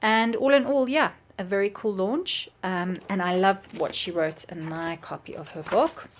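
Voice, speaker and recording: A woman's voice: mid-range voice, normal speed, a little hiss or hum. A middle-aged woman, chatting casually and enthusiastically with lots of ums. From South Africa. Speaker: book vlogger and author. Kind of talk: casual chat.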